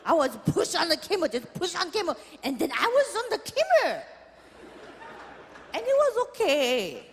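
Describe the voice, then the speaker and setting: A woman doing a shrill impression of a melodramatic older mother who wails her complaints in broken English. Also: sing-song, normal speed, exaggerated voice. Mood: bewildered. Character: fussy older immigrant mother, melodramatic, self-pitying. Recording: live hall with audience noise.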